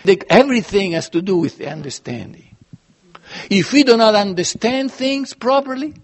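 Man giving a sermon, fairly high and slightly husky, earnest with swelling emphasis. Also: expressive, moderate pace. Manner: earnest, emphatic, with sudden rises and drops in loudness. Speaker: preacher.

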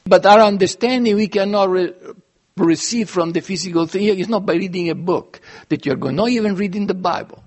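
A man preaching a sermon in an earnest, emphatic way, his voice swelling and dropping as he stresses points. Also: high voice. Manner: earnest, emphatic, with sudden rises and drops in loudness.

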